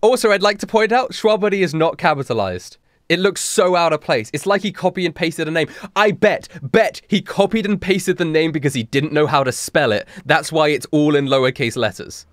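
A man's voice: on the high side, normal speed, no echo, studio quality. A man reading fan fiction aloud for laughs, breaking in with sarcastic, incredulous outbursts. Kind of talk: comedic reading with commentary.

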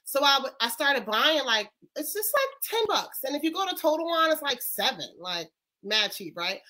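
Philly woman cohosting a livestream chat, high bright voice, slangy and lively, on a video call. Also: moderate pace. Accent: Philadelphia. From West Philadelphia. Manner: animated, slangy, laughing. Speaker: co-host.

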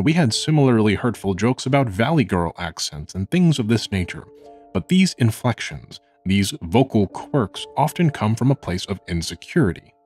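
A young man with a slight vocal fry, narrating a scripted video essay in a measured, earnest, reflective way. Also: fairly low pitch, darkish tone.

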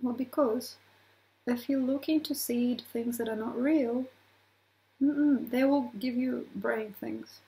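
A woman astrologer talking casually to her viewers, animated, acting out little quoted voices and laughing often. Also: on the high side, takes it slowly, poor audio. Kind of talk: casual astrology talk to camera.

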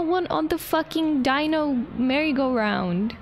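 A young woman streaming a park-building game, excitable, swearing a lot and laughing often. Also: sits high, moderate pace, hardly any pauses, faint music behind. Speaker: vtuber streamer. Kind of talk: casual gameplay commentary.

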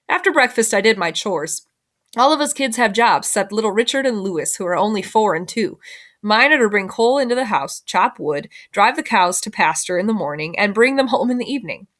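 A woman's voice: medium pitch, a bit bright. A woman, a teacher, reading a novel aloud expressively and voicing the characters.

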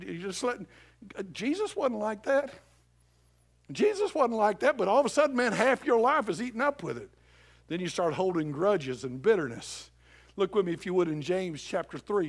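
A male pastor preaching a sermon in a church, dropping to a hush for scripture and rising to shouts. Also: high voice. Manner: swings from hushed scripture reading to loud shouted exhortation. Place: church sanctuary.

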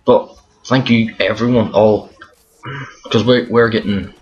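A tired young gaming commentator rambles casually over a zombie game, frequently restarting his sentences. His voice is lowish, fairly even in intonation, and a little slow, captured on a dull lo-fi mic with faint hiss.

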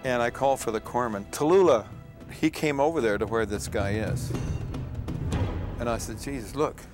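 A man's voice: medium pitch, normal speed, music in the background. Older male veteran telling a story. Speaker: war veteran interviewee. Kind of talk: recounting memories in an interview.

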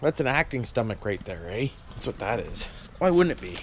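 A man's voice: mid-range voice, very animated, brisk, a little hiss or hum. A Canadian man vlogging in a casual, jokey, folksy way, tagging his lines with friendly asides. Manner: jokey, folksy, tags lines with "eh" and "why wouldn't I". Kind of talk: casual chat to camera.

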